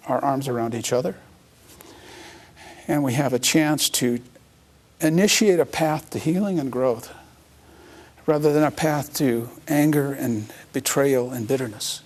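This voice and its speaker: This is a middle-aged man speaking in an interview. His voice sits at an ordinary, middle pitch. He recounts a personal story in an earnest, reflective way. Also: darkish tone. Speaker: interview guest, author.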